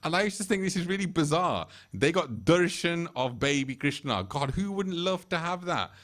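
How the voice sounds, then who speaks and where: A man delivers a conversational sermon in a temple hall, retelling scripture stories. His voice is a little high and fairly bright, animated at a normal speed, and he laughs often while acting out quoted voices.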